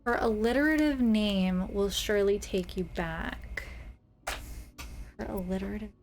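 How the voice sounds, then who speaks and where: A woman's voice: mid-range voice, a little mellow, a little hiss or hum. A young woman streaming a story game, reading letters aloud and gushing over them between lines. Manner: gushing, reads letters aloud with quick asides. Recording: faint music behind, slightly staticky audio.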